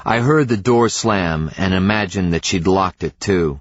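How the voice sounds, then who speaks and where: A man narrating an audiobook in the first person, with a measured, reflective reading. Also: deep voice, no echo. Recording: slightly dull, dry studio recording.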